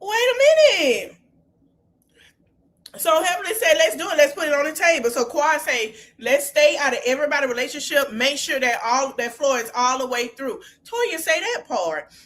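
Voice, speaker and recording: A woman with a high voice and a lilt hosts a casual podcast recap. She retells the arguments with lively exclamations, slipping into the cast members' lines as she goes. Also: a little fast, few pauses. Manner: animated retelling, acting out quotes with exclamations. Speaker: podcast host.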